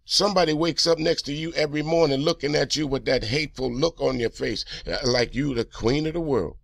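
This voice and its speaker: A man's voice: a little high, brisk, vocal fry, no room sound, studio quality. A man hosting a reaction video, delivering heated, profane, accusing commentary straight at the person in a clip.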